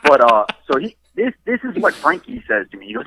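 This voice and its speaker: A man's voice: medium pitch, brisk, noisy background. A man casually telling profane wrestling stories on a podcast, acting out what everyone said. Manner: profane, animated storyteller acting out quotes. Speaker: wrestler and trainer, podcast guest.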